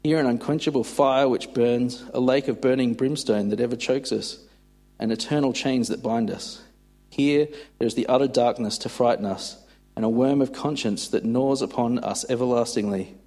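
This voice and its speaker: A man preaching a sermon and reading aloud in a grave, earnest, measured way. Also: mid-range voice, warm tone.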